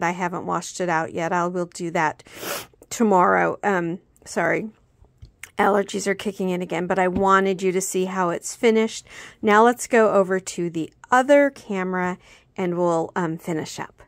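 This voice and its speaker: A woman's voice: medium pitch, fairly bright tone, no room sound. A woman hosting a casual quilting tutorial, chatty, with many ums and self-corrections, recorded at her sewing table. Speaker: quilting instructor, channel host.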